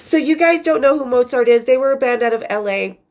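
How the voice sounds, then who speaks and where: A woman's voice: high-pitched, lively intonation, a little fast, darkish tone. A woman hosting her own show, reading from her old journals in a candid, profane, casual storytelling manner with laughing asides. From western United States.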